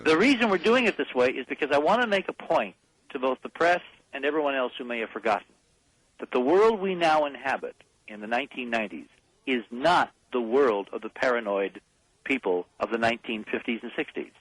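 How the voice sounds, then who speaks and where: An emphatic man talking as a guest on a radio call-in show, pressing his points hard. His voice sits at an ordinary middle pitch. The sound is dry and close, with no room around it. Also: expressive, a little fast, a bit bright, breathy edge, dry recording, poor audio. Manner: emphatic, insistent, rallying listeners. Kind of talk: impassioned radio call-in talk.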